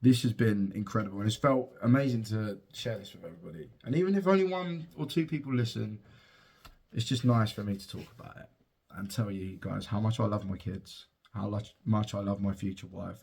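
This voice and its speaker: A man's voice: on the low side, fairly quick, creaky, a little mellow, breathy edge. A young father casually telling a heartfelt personal story and swearing freely. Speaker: father and podcast host.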